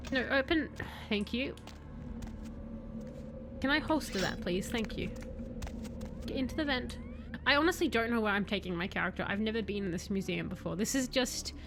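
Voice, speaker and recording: A young woman streaming a video game, chatting casually with viewers in a rambling way. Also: fairly high pitch. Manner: chatty, rambling, bursts of excited yelling. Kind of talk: casual let's-play chat with viewers.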